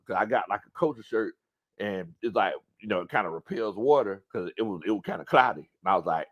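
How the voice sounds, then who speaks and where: A man hosting a casual sports talk show, animated and quick to laugh. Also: on the low side, muffled recording. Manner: animated, breaks into loud laughs and shouts, does voices.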